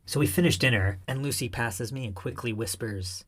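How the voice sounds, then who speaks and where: A man's voice: mid-range voice, brisk, few pauses, slightly rough, soft background music. Wry, irreverent male comic narrator. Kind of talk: scripted comedic first-person narration.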